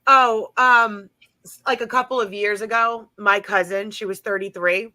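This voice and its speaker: A woman's voice: mid-range voice, fairly even intonation, normal speed, sharp tone, no room sound, rough recording. A woman guest earnestly telling a personal ghost story, repeating phrases as she goes.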